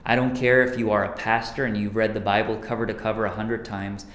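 A man preaching a sermon as pastor, earnest, dropping to a hush on key lines. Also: fairly low pitch, little pitch movement, a little fast, reverberant.

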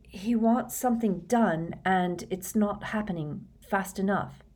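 A woman's voice: measured pace, darkish tone, natural voice. A woman voicing a troubled teenage boy wizard in a storybook reading, speaking grimly and tersely. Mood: uneasy. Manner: grim, short and low-key.

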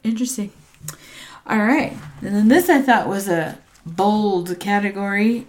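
A woman's voice: medium pitch, measured pace, darkish tone. A woman chatting casually as she reads out a ranked list, often unsure and stumbling on names, with small asides. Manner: hesitant, unsure pronunciations, trailing asides.

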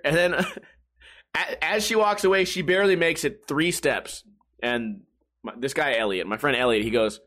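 A man talking on his own in a loose, rambling monologue, swearing often. He slips into mocking impressions of other people as he goes. His voice sits a little higher than most men's. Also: lively intonation, moderate pace, fairly bright tone. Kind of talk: casual monologue.

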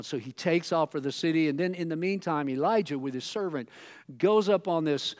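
A man delivers a sermon with a relaxed, conversational flow, breaking up his storytelling with little jokes and "you know" asides. His voice sits somewhat high for a man and moves freely in pitch. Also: fairly quick. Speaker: pastor.

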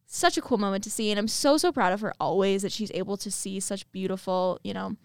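A young woman co-hosting a student podcast, chatting casually and telling stories with animated energy and frequent laughs. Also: medium pitch, brisk, smooth, no echo, clean studio sound. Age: young adult. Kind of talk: casual chat.

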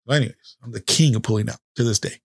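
A man's voice: mid-range voice, fast talker, vocal fry, slightly rough, no echo, studio quality. A man in his fifties, a podcast host telling a personal story in a candid, casual way with heavy swearing.

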